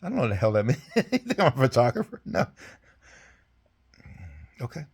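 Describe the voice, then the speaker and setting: A man's voice: medium pitch, very animated, a little fast, slightly rough. An older man recounting his service in a rambling, folksy way, speaking casually over a video call. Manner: rambling, folksy, salty, chuckling. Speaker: veteran interviewee. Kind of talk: casual storytelling interview.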